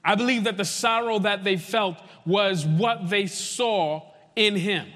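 A man preaching a sermon, building emphasis through repeated phrases and slowing down to press key points. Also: sits high, a bit bright. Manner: emphatic repetition, slowing for weight. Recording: long hall reverb.

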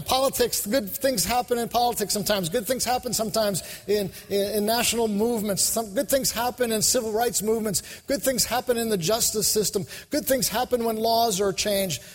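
Male preacher, high voice, fervent and repetitive sermon, long hall reverb. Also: normal speed. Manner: fervent, repetitive, talks to the crowd. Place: large venue with a crowd.

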